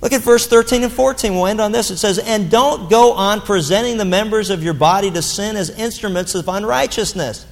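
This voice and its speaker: Male pastor with a high voice, preaching bluntly and animatedly in a reverberant church hall. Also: fairly quick, few pauses. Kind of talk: sermon.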